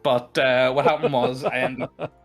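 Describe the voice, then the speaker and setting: A man rambles through a story at a tabletop game, joking and piling on fillers. His voice sits in a middle pitch, with faint music in the background. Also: steady tone, moderate pace, vocal fry, a bit bright. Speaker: player. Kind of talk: casual tabletop role-play chat.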